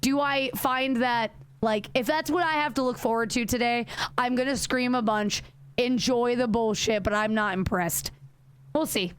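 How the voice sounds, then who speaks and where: A woman livestreaming a horror game in a casual, animated way, her voice sitting on the higher side. She rambles, restarts her sentences and corrects herself as she talks straight to her viewers. She swears freely and keeps an easy, loose chat going the whole time. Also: normal speed, clear, resonant tone. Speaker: streamer. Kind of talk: casual live-stream commentary while playing a horror game.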